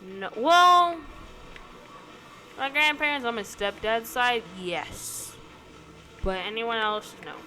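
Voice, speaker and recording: A young woman answers a question tag in loose casual chat, her pitch bouncing up and down. She hesitates and rambles, full of ums and likes, while clear music plays behind her. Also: expressive, slow pace, long pauses, pushed and bright. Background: background music.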